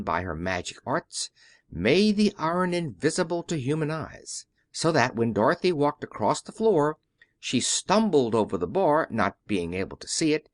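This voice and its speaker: A man reading a classic children's story aloud as an audiobook narrator, in a measured storytelling way. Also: on the high side, dry recording. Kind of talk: scripted narration.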